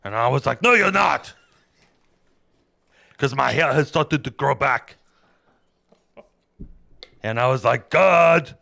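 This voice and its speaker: A man putting on a thick-accented action-star impression to play a burly strongman hero, booming and deadpan. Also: takes it slowly, vocal fry, pauses often, exaggerated voice. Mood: boastful. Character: burly strongman hero retelling a Bible tale.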